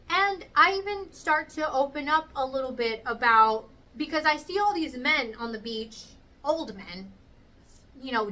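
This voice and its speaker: A woman in her thirties telling a casual storytime vlog, animated and acting out the voices of the people she quotes. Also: high voice, distant mic, poor audio. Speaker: vlogger.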